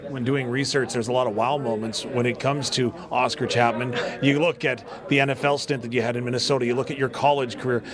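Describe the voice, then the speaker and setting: A man from Canada hosting a sports radio show, asking questions in a lively, joking way. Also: medium pitch, brisk, few pauses, a crowd in the background. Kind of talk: radio interview and call-in chat.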